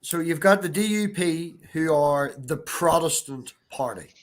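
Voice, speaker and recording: A man talks on a livestream in a relaxed, conversational way. He breaks things down point by point and swears offhandedly as he goes. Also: a little high, a little slow, slight background noise. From Northern Ireland. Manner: explains step by step, swears casually. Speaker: stream guest. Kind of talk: casual chat.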